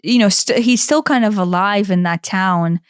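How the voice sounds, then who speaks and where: She's a podcast co-host from comes through as she talks. Her voice sits at an ordinary pitch, and she rambles with animated restarts. The recording is dry and close, with no room sound. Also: normal speed, smooth, dry recording. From Kentucky, USA. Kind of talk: casual storytelling chat.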